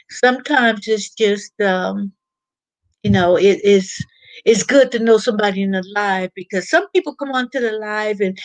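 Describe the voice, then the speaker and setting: Slow-talking woman chatting on a livestream. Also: mid-range voice, no room sound. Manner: chatty, halting, repeats words while reading chat. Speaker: YouTube livestream host. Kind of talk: casual livestream chat.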